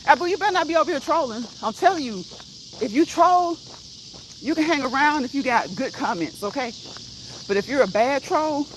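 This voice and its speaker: A woman livestreaming as she walks outdoors, chatting casually with viewers, teasing and laughing often. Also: high voice. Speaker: vlogger on a live walking stream. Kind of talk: casual chat while walking. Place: outdoors in a rural area, walking uphill. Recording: outdoor noise with insects.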